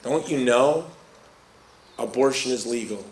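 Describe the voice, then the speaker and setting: A man playing a kindly, puzzled army captain who speaks quietly and gently. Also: medium pitch, measured pace, reverberant, pitched below the performer's own voice, lightly acted. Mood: gentle.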